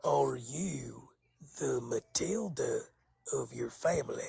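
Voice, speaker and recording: Co-host, woman with a very low, raspy voice and sarcastic wit. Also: expressive, slow, warm tone, no room sound, studio quality. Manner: sarcastic, playful. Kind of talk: casual chat.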